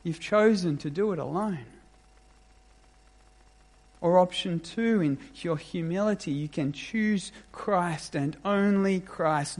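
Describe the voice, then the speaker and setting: A man preaching a sermon as pastor, measured and emphatic, with deliberate pauses. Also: high-pitched, a little mellow.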